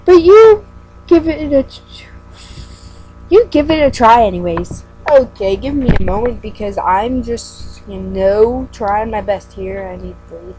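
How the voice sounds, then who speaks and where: A woman's voice: fairly high pitch, lively intonation, measured pace, mellow, slight background noise, poor audio. A woman giving a casual read-aloud of a webcomic. She stumbles over words and breaks off into self-mocking asides. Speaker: fan reader.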